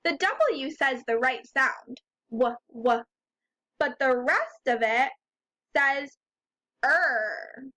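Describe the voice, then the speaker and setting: Casting: woman teacher for a young children's reading lesson, high pitched, unhurried, sounds out each letter patiently. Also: big pitch swings, bright, forceful tone.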